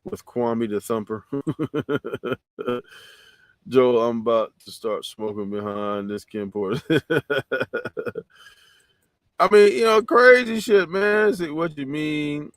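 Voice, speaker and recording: A man's voice: mid-range voice, animated, takes it slowly, long pauses, fairly bright tone, no room sound. Profane heated man ranting on stream. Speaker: livestream host reading chat. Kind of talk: casual livestream rant.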